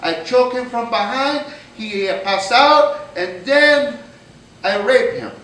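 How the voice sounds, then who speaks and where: A man's voice: very high-pitched, slow pace, sharp tone, slight background noise, heavily acted. A man doing a brash Brazilian jujitsu fighter. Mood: boastful. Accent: Brazilian Portuguese. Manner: broken English, boastful storytelling. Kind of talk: stand-up impression. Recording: echoey room from far off.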